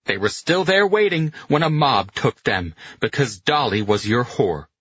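A man voicing a young Italian man, accusing and shouting, then sick with guilt. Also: mid-range voice, very animated, unhurried, husky, no echo, muffled recording, pitched above the performer's own voice, full character voice.

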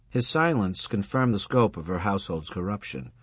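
Husky male audiobook narrator. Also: lowish voice, no room sound. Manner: measured, expressive storytelling. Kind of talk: scripted narration.

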